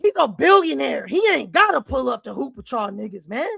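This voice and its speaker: A man hosting a basketball fan show, ranting angrily with heavy profanity and frequent shouting. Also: very high-pitched, very animated, brisk, vocal fry, husky, no echo, clean studio sound. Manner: angry, profane, often shouting. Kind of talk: heated fan rant.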